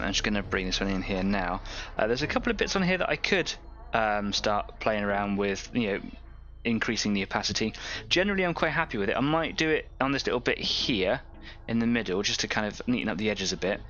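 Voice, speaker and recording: A man's voice: lowish voice, lively intonation, a little fast, bright, forceful tone, lo-fi sound, slight background noise. A man hosting a live painting stream, chatting casually, rambling and laughing at his own jokes.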